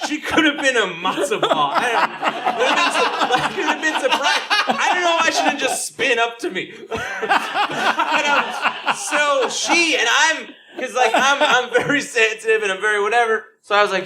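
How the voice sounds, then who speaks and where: A man's voice: extremely high pitch, animated, moderate pace, background noise. A man telling a rambling stand-up gig story on a comedy podcast, laughing often as he talks. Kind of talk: casual storytelling chat.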